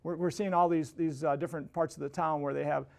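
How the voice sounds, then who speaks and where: A man's voice: a little high, fairly even intonation, fast, creaky. A man hosting a podcast, telling a casual story that rambles with many restarts and tag questions. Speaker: podcast host.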